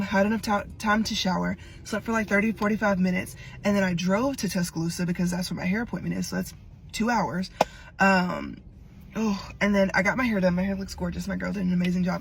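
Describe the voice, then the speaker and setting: A woman's voice: mid-range voice, gravelly, a little hiss or hum. A young woman telling a rambling, chatty storytime about a salon visit, with exasperated asides. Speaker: TikTok storyteller. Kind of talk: casual storytime.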